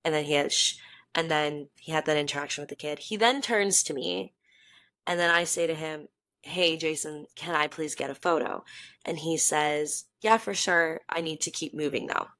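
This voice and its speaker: A young woman with a low-pitched voice tells a story to camera in a casual vlog. She is chatty and animated, laughing often and correcting herself as she talks. The sound is dry and close, with no room echo. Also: moderate pace. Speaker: vlogger.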